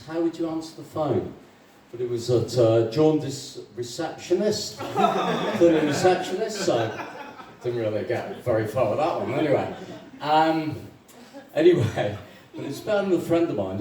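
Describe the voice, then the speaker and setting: A man's voice: medium pitch, mellow. Rambling stand-up man, echoey club. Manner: halting, full of ums, laughs at own jokes. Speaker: open mic stand-up comedian. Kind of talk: rambling stand-up joke telling. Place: small comedy club stage. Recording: echoey club room, distant mic, faint noise.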